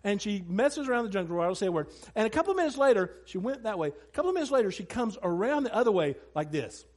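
Speaking very fast in a high voice, this male pastor delivers a sermon from the church stage. His style is lively and humorous, full of amusing family anecdotes aimed directly at the crowd.

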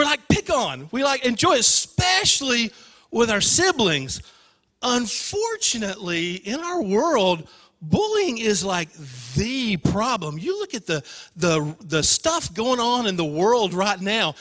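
A young man, a youth pastor, preaching a sermon in a church, telling a story in an animated, self-deprecating way. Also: very high-pitched, long reverb tail. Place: church sanctuary.

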